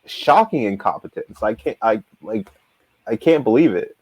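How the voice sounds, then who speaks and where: Animated rambling man, low voice, dry sound. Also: moderate pace, slightly rough, no room sound, low-quality recording. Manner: animated, rambling, peppered with likes and restarts. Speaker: manga reader and show co-host. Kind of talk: casual discussion.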